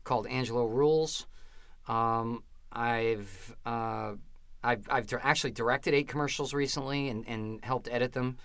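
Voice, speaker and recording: A man's voice: mid-range voice, steady tone, measured pace, a bit bright, clean tone, no echo, studio quality. A man who is a comedian guest, telling a story in a casual interview and acting out other people's voices.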